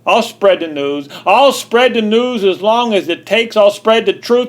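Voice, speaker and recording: Man, high-pitched, indignant, repetitive rant. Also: lively intonation, measured pace, few pauses, fairly bright tone. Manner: indignant and repetitive, restarting phrases. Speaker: video commentator. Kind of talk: angry ranting monologue.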